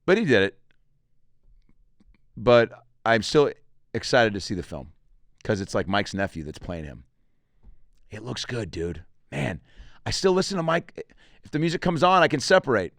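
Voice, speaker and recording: A man in his thirties, a comedian hosting a podcast, telling stories in an animated way and jumping into voices. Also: mid-range voice, moderate pace, creaky, pauses often, no echo, studio quality. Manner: animated storytelling, jumps into voices. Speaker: comedian host. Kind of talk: comic podcast monologue.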